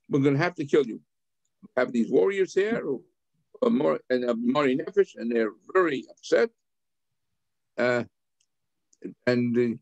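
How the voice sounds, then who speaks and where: An older man, a rabbi, teaching an adult class on a scripture text, reading phrases and explaining them with lively acted-out dialogue. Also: fairly high pitch, vocal fry, dry recording. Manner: animated, acts out the characters' lines.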